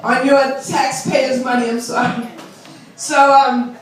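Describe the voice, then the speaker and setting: A woman's voice: sits high, little pitch movement, slow. A woman doing a chatty, self-deprecating stand-up set and teasing the audience. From Long Island, New York. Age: 60s. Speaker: stand-up comedian. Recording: echoey club room from far off.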